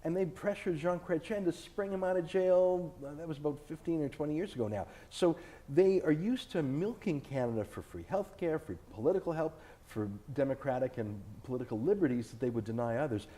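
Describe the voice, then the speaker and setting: Emphatic, combative man with lively pitch. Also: brisk. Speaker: author and TV host, interview guest. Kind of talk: sit-down interview. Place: indoors, filmed interview.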